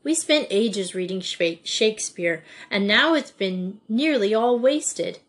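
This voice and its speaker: A woman voicing a lively, mischievous schoolgirl of about twelve, speaking eagerly and playfully in an audiobook reading. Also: mid-range voice, takes it slowly. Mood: pleading. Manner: eager, playful mock-Shakespearean speech.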